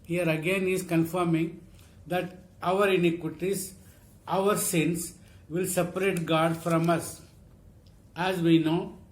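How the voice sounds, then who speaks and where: A man preaching a sermon, reading scripture and repeating phrases slowly for emphasis. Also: a little high.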